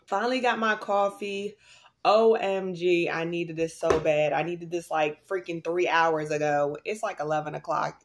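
A woman vlogging in a casual, rambling way, full of fillers and restarts, in a tired, groggy morning voice. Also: on the low side. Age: adult mother. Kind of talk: casual vlog chat.

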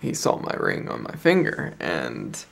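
A man's voice: rumbling low, wildly swooping pitch, a little slow, vocal fry, fairly bright tone. A young man, vlogging in a chatty, rambling way and often correcting himself as he tells a story. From United States. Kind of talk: casual storytelling vlog.

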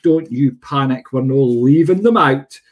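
A man's voice: mid-range voice, a little slow, dull audio. A man hosting a live psychic stream, chatting and greeting viewers by name. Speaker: psychic medium host. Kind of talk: livestream chat.

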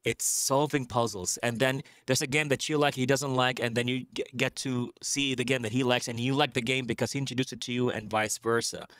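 Casual, earnest bahraini guy in his 30s, mid-pitched voice, tells stories with lots of life. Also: fairly quick, hardly any pauses, clean tone, no room sound. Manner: earnest, animated storyteller who acts out quotes. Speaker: esports MC and event host. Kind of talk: casual podcast interview.

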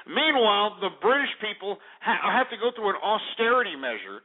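Man, talk radio host, sarcastic rambling rant, high voice, phone-like sound. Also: big pitch swings, moderate pace, few pauses. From United States. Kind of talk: opinionated talk radio monologue. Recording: tinny phone-like radio line.

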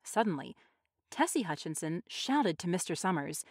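A woman narrating a short story in a measured, expressive audiobook style. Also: lowish voice, no echo, clean studio sound.

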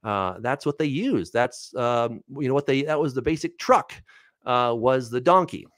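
A man's voice: mid-range voice, normal speed, no room sound. A man answering viewers' Bible questions in a casual, conversational way, reading verses aloud and asking his listeners rhetorical questions. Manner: animated and conversational, with frequent "all right" and "right?".

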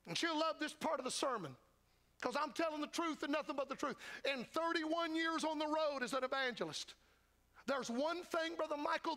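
A man's voice: very high voice, sharp tone. An older man preaching a revival sermon as a traveling evangelist, folksy and fervent, acting out the disciples' voices. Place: church sanctuary.

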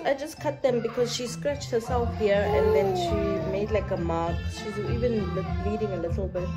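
A young woman, chatting casually to her phone camera for a vlog in a soft, rambling way full of fillers. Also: medium pitch, normal speed. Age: 20s. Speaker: mom vlogger. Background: background music.

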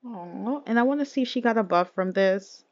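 A woman's voice: on the high side, quick pace, highs cut off. A woman giving casual, chatty commentary over a life-simulation game, laughing often and talking straight to her viewers. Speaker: let's play host.

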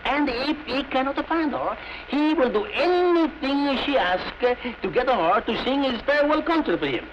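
An actor playing a brash, self-important gang boss who talks fast in clipped, broken grammar, in 1930s comedy film style. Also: male voice, very high-pitched, expressive, a crowd in the background. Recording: muffled 1930s film soundtrack with music.

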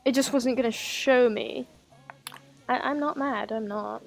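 Sarcastic woman with a gravelly voice. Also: a little high, a little slow. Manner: sarcastic, mocking asides, swears casually. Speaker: streamer playing a game. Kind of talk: casual gameplay commentary.

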